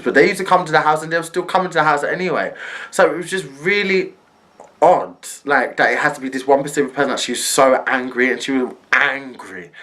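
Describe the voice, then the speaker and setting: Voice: mid-range voice, a bit bright. A young adult telling a storytime vlog, acting out every quoted person. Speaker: vlogger.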